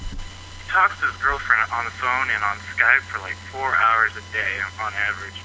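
A man's voice: fairly low pitch, normal speed, pushed and bright. A young college freshman calling in to a podcast, rambling casually about his roommate. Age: young adult. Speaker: caller. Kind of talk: voicemail call-in. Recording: noisy phone line.

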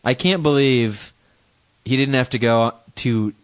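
American dude co-hosting a podcast, reads out listener mail all dramatic, laughs a bunch, middling pitch. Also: male voice, a little slow, smooth. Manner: laughs often, reads emails aloud with mock emphasis. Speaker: podcast co-host. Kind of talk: casual chat, reading listener mail.

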